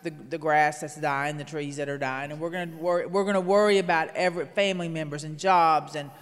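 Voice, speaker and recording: In a church sanctuary with long hall reverb, a woman with a low-pitched, steady voice preaches alongside the pastor. She speaks a little fast, earnest and rhythmic, repeating her phrases throughout the sermon.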